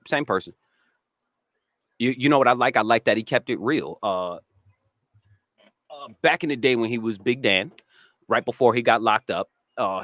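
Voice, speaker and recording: A man with a raspy voice and a New England accent, chatting casually and laughing often on a live stream. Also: lowish voice, fairly bright tone, no room sound. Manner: slangy, laid-back, laughs often. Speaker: cannabis grower and streamer. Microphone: dry close mic, studio.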